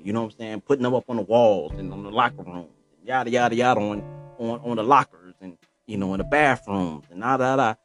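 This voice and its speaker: Slangy conversational man in his forties. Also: on the low side. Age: 40s. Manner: loose and conversational, full of slang and filler phrases. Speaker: podcast host. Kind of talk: casual monologue.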